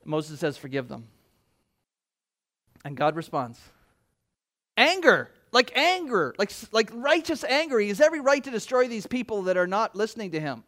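A man preaching a sermon, retelling scripture in his own words and acting out the speakers in lively voices. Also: sits high. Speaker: pastor.

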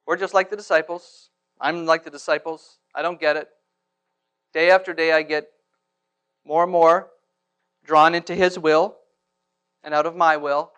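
High-voiced man preaching a dramatic sermon. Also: clear, resonant tone. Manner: dramatic preaching, from hushed to loud; rhetorical questions and repetition. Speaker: pastor.

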